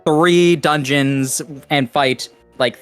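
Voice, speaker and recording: A man chatting casually on a game stream, laid-back and quick with short agreeing replies. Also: on the high side, steady tone, smooth, soft background music. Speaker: co-player on the stream. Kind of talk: casual chat while gaming.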